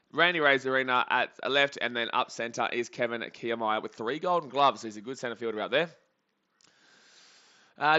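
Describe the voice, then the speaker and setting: A young man hosting a live baseball reaction stream, calling plays and reading chat comments aloud in an excitable way. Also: fairly high pitch, lo-fi sound. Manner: excitable, reads out chat comments between calls.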